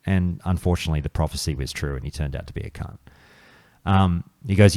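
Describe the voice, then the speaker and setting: Male podcaster, deep voice, swears freely, loose storytelling, dry close-mic sound. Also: animated, normal speed, a little mellow, no room sound. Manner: blunt, profane, anecdotal storytelling. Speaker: podcast host. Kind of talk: casual monologue.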